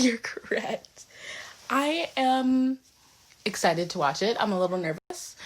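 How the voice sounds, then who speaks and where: A woman's voice: medium pitch, a bit bright. A young woman chatting casually into her phone, reacting to a TV finale, giggly and exasperated, full of likes and y'alls. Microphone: phone held at arm's length.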